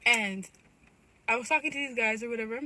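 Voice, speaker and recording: A woman's voice: fairly high pitch, fairly quick, pushed and bright, a little hiss or hum, low-quality recording. A woman telling a personal story straight to her phone camera in an emphatic, direct way. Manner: emphatic, addresses viewers directly.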